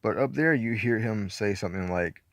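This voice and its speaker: A man's voice: on the low side, normal speed, no room sound, clean studio sound. A man with a Southern accent from Georgia, chatting casually and rambling through his movie collection, laid-back and a bit profane. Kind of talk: casual chat.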